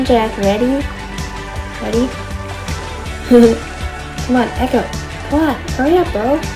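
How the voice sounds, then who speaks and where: Woman doing a young male wolf, casual, says bro a lot, slow speech, music playing behind. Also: on the high side, poor audio. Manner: casual, calls everyone bro, stammers with fillers. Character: young male wolf, buddy-talking and excitable. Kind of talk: Minecraft roleplay voice acting. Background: background music.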